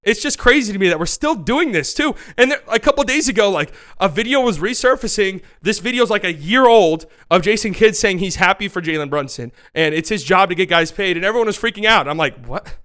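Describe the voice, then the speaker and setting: Bright-voiced man ranting about sports. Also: sits high, lively intonation, brisk, few pauses. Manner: emphatic, exasperated and profane, rambling with restarts. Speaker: sports commentary host. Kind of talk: casual solo sports rant.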